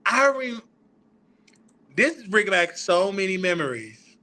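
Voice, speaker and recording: High, bright-voiced man hosting a livestream. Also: a little slow. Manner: excitable, reminiscing out loud. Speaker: show host. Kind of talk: casual livestream chat.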